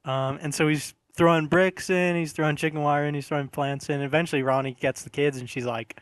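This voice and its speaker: A man's voice: on the high side, steady tone, a little fast, clean tone, no echo. A man co-hosting a casual film review, retelling scenes and laughing often as he talks.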